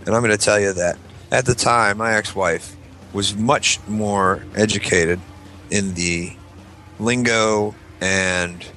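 A man's voice: on the low side, fairly even intonation, slow, sharp tone, slight background noise. A man on a podcast telling a blunt, profane story, repeating himself for emphasis. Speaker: podcast regular. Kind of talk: casual storytelling chat.

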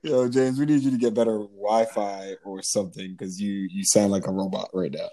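Young male podcast host, slightly low voice, joking, easygoing. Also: steady tone, moderate pace, warm tone. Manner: upbeat, joking, laughs easily. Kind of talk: casual podcast chat.

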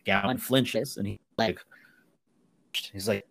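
A man's voice: on the low side, unhurried, creaky, a little hiss or hum. A man co-hosting a podcast, casually retelling a film's plot and acting out the characters' lines in a raised voice. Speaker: podcast co-host. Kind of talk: casual film discussion.

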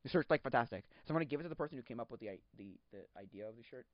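A man hosting a podcast, chatting casually in a rambling, excitable way, laughing often and acting out quotes. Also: mid-range voice, very fast, dry recording. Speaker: podcast host. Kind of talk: casual solo chat. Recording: dull lo-fi sound.

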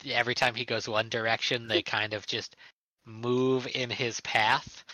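A man's voice: mid-range voice, level tone, unhurried, pushed and bright, no room sound, low-quality recording. A man narrating a tabletop game as game master, rambling with lots of fillers. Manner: rambling, full of uhs and likes.

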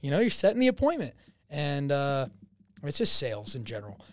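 A man's voice: a little high, wildly swooping pitch, a little fast, no room sound. A man, a podcast guest chatting casually and confidently, laughing often. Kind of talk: casual chat. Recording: dry close studio sound.

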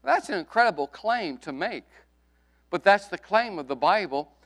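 A man's voice: high voice, animated, moderate pace. Emphatic middle-aged man preaching. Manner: emphatic preaching that swings from loud to hushed, with folksy asides. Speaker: pastor. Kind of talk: sermon.

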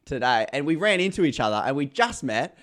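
A man's voice: a little high, sing-song, fast, fairly bright tone. Chatty Australian man hosting a podcast. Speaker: podcast host. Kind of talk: casual podcast interview.

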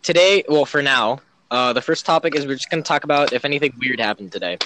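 A man's voice: medium pitch, fast talker, background noise. A teenage boy hosts a casual podcast with his friends. He tells stories in a loose, rambling way. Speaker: podcast host. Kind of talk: casual chat.

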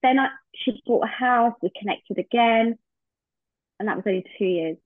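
A woman's voice: fairly high pitch, moderate pace, no room sound. A woman, a podcast guest, telling a heartfelt personal story and acting out the remembered dialogue. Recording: tinny phone-like line, dry.

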